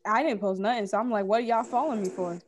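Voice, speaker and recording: A woman co-hosting a podcast over a video call, thinking out loud with a bemused, laughing manner. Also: mid-range voice, quick pace, a crowd in the background. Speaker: podcast co-host. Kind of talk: casual group chat.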